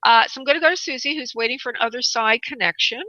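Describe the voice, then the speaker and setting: Brief: bright, fairly high woman, radio medium host, dry muffled sound. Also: quick pace, no room sound. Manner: calls callers honey and sweetheart. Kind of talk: radio call-in readings.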